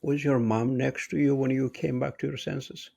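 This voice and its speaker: A man's voice: mid-range voice, little pitch movement, moderate pace, creaky, dark tone, slightly rough, dull audio. A man hosting an interview, curious and chatty, pressing with follow-up questions. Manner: curious, asks follow-up questions, light laughs. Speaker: interview host. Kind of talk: conversational interview.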